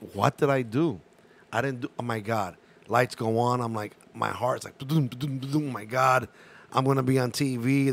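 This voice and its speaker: Animated man telling a road story. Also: medium pitch. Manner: animated, acts out quoted voices. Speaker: podcast co-host. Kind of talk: casual storytelling chat.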